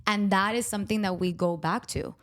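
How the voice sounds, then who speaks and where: A woman's voice: medium pitch, a little fast, a bit bright. A woman hosting a podcast who tells candid personal stories in a casual, self-mocking way, acting out both sides of the dialogue. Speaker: podcast host. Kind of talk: casual storytelling chat.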